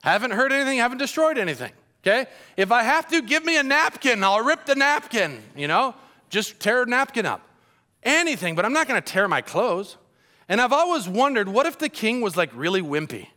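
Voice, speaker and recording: A man preaching a sermon as a pastor, telling the story in an animated, joking way and talking directly to the congregation. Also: very high-pitched, brisk.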